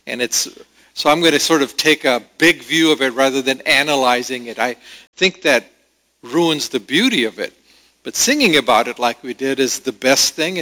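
A man preaching a sermon to a congregation, reflective and deliberate with frequent pauses. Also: a little high, sharp tone. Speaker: pastor.

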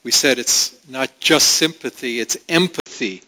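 Pastor guy preaching, earnest and chatty, bright sharp voice in a big echoey hall. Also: mid-range voice. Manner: earnest, conversational, with halting restarts. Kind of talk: sermon. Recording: long hall reverb.

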